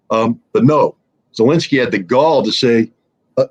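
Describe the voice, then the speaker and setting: A man's voice: medium pitch, a little fast. A man speaking as a guest commentator in an interview, blunt and sarcastic, with frequent fillers and restarts.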